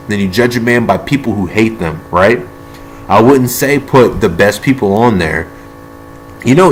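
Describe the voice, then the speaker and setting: A mid-range-voiced American man, a political video blogger, delivers a heated, rambling political monologue while surrounded by his tools. He repeats himself, restarts sentences, and swears now and then.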